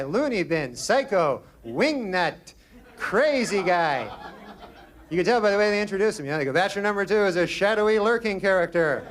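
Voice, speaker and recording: Deadpan, rambling stand-up comedian. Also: male voice, sits high, a little hiss or hum.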